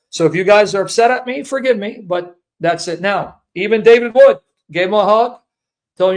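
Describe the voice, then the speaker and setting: A man's voice: sits high, normal speed. A man hosting a livestream, making an earnest, emotional personal statement to his listeners, repeating himself and calling them brethren. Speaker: Christian apologist livestream host.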